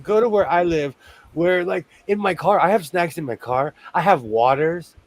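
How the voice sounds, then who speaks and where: A man's voice: on the high side, normal speed. A man from Los Angeles chatting casually as a host, rambling through stories with many restarts. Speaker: sewing show host. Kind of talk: casual chat.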